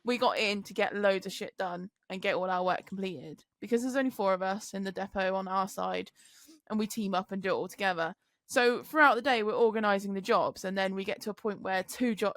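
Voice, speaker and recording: A young woman chatting on a podcast, sweary and animated, often jumping into higher voices to mimic the people she talks about. Her voice sits at an ordinary middle pitch. The sound is dry and close, with no room around it. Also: no echo. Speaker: podcast co-host, truck driver. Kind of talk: casual chat, storytelling.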